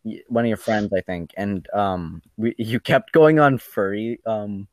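A young man in casual chat, hesitant and halting, trailing off with ums. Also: on the low side, darkish tone. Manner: halting, hesitant, lots of um and restarts. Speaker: podcast co-host. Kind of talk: casual chat among friends.

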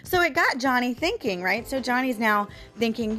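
High-voiced woman venting to listeners. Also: lively intonation, normal speed, bright, forceful tone, soft background music. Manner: emphatic, frustrated, addresses listeners directly. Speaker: podcast host. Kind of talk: casual venting monologue.

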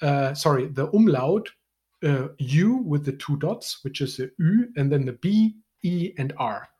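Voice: medium pitch, lively intonation, a little slow, darkish tone. A podcast host with a German accent, teaching a language lesson patiently and step by step. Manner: patient, explains step by step with fillers.

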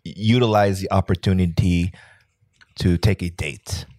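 Male podcast co-host, 40s, low joking voice, dry close recording. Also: fairly even intonation, a little slow, a little mellow, no room sound. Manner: joking, crude, self-mocking. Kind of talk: casual chat.

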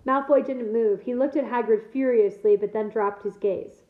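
A woman teacher reads a novel aloud to her class with lively storytelling and a fairly high voice. The sound is roomy and comes through a tinny, phone-like line. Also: moderate pace. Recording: echoey room over a thin phone-like line.

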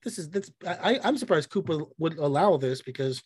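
Excitable profane man, fairly high voice. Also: slightly rough, no echo. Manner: excited, profane, mocking, quick bursts of mimicry. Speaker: podcast co-host. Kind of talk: casual recap chat.

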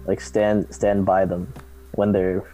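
A man's voice: deep voice, little pitch movement, slow pace, dark tone, soft background music, poor audio. A man in casual chat who talks hesitantly, with many restarts and fillers.

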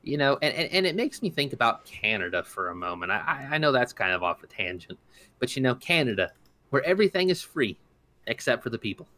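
A man's voice: mid-range voice, sing-song, a little fast, pushed and bright. Indignant rambling man on a podcast. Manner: rambling, indignant, many restarts and fillers. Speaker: podcast co-host. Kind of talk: casual opinion commentary.

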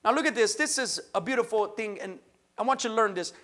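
A man preaching a sermon with impassioned, rhythmic repetition, rising to shouts. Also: high-pitched, fast talker. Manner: rhythmic repetition, call-and-response. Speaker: pastor.

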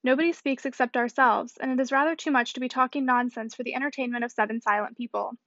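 A woman's voice: on the high side, steady tone, fast, fairly bright tone, no room sound. A woman reading the part of a witty, self-assured young lady with an arch, playful manner. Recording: dull dry audiobook recording.

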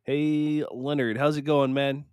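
A man's voice: on the high side, level tone, measured pace, a little mellow, smooth, dry recording. A man, co-hosting a podcast in casual chat, rambling and poking fun at himself. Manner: rambling, self-mocking, acts out what he told himself. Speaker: podcast co-host.

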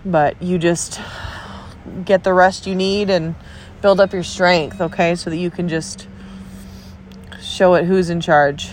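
A woman with a slightly low voice talks slowly into her phone, leaving a rambling, encouraging message for a friend. She sounds tired and stuffy, yawning between thoughts. A dog barks faintly in the background. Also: fairly even intonation, slight background noise. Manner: rambling and encouraging, trails off and restarts. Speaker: friend sending a video message. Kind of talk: casual recorded message to a friend. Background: dog barking.

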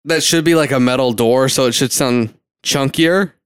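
A man's voice: medium pitch, moderate pace, smooth, dry recording, studio quality. A man with hiccups chatting casually and joking while reacting to a movie. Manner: joking, swearing, laughing often. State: has the hiccups.

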